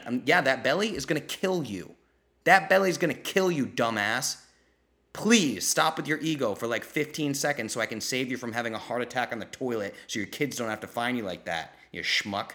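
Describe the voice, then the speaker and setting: A man with a bright, forward voice hosts a live question-and-answer session. He talks bluntly and gets fired up, throwing in swear words for emphasis. He mimics the people he talks about in quoted voices. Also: medium pitch, moderate pace. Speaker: podcast host answering listener questions. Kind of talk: live Q&A chat.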